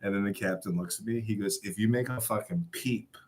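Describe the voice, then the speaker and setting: A man's voice: lowish voice, fairly quick, hardly any pauses, a little hiss or hum. A man telling a rambling travel anecdote in casual chat, acting out the other people's lines and laughing along. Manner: animated anecdote-telling with acted-out quotes and laughs.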